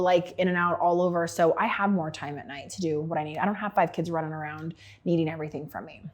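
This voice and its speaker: Chatty, frank woman esthetician. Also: on the low side. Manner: chatty and frank, with lots of fillers. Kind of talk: casual skincare vlog.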